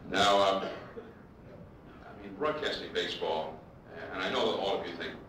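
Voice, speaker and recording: A male baseball broadcaster telling lively anecdotes to an audience and acting out the quotes. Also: sits low, unhurried, background noise. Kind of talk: storytelling speech to an audience. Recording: echoey hall, distant mic, audience laughter.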